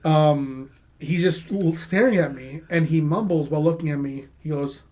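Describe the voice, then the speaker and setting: A man hosting a podcast, telling a story from his teaching days in a halting way, with many restarts and laughs. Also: fairly high pitch, mellow, a little hiss or hum. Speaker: podcast host and former teacher. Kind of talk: casual podcast chat.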